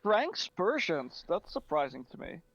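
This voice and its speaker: High, lively male esports caster. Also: unhurried, gravelly, dry recording. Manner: chatty, reads out viewer chat. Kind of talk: casual game commentary. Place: home setup on an online voice call. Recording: dull, dry voice-chat audio.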